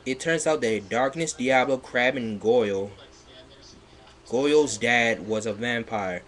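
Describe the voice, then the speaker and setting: A man on a livestream reading fan fiction aloud in a mocking dramatic way, sarcastic, with loud outbursts and laughter, sounding a bit stuffy. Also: medium pitch, takes it slowly. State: slightly stuffy.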